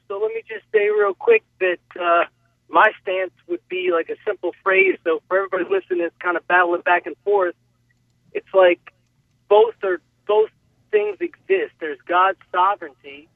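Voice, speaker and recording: Male caller, very high and gravelly, lively pitch, earnest explainer, tinny phone line. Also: no room sound. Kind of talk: radio call-in talk.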